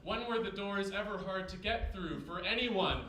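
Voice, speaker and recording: A man's voice: high voice, lively intonation, moderate pace, sharp tone, recorded from a distance. A man doing an exasperated starship captain. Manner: exasperated, lecturing. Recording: echoey stage mic.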